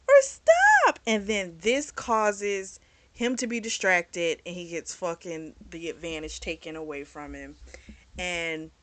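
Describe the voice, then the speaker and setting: A woman's voice: lowish voice, sharp tone. A young woman casually retelling a book's plot, chatty and full of fillers, swearing freely. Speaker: book reviewer. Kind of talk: casual book recap.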